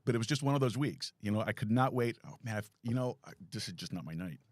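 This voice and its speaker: A man's voice: fairly low pitch, expressive, fast talker, slight background noise. A man hosting a live talk show from a small studio, telling a rambling self-deprecating story with many restarts.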